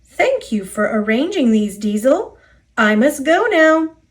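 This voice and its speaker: A woman's voice: high-pitched, sing-song, slow pace, pitched above the performer's own voice, heavily acted. A woman with an American accent voicing a shrewd, teasing male tank engine in a storybook reading.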